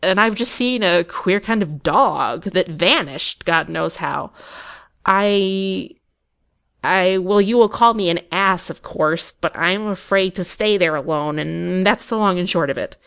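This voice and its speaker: A woman's voice: on the high side, lively intonation, slow, few pauses, fairly bright tone, pitched above the performer's own voice, heavily acted. A woman doing a stammering nervous student. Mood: anxious. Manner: stammering, anxious. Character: nervous bespectacled young male student.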